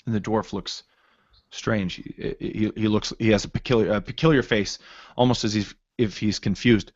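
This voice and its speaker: A man narrating a tabletop game as game master, with halting restarts and fillers. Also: on the low side, steady tone, no room sound. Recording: dull lo-fi stream audio.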